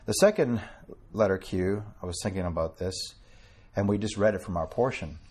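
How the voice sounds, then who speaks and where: A man gives an informal sermon to a small group, speaking conversationally and turning to listeners by name. His voice sits low and has a husky grain, and he reads scripture aloud in old-fashioned wording. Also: normal speed, a little mellow. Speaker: preacher.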